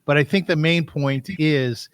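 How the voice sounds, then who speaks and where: A man's voice: fairly high pitch, steady tone, a little slow. A man hosting an interview show, talking in a chatty way and laughing easily. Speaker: host. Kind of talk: casual interview talk.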